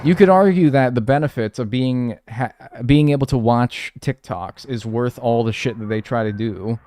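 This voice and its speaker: A man chatting casually on a live game stream, ranting with lively energy and swearing freely. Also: medium pitch, normal speed, a little hiss or hum. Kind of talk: casual live-stream chat while playing.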